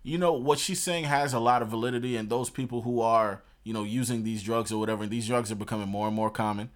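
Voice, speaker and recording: A man's voice: mid-range voice, fairly even intonation, fast talker. A young man hosting a podcast in casual chat, giving opinionated, emphatic rants. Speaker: podcast host.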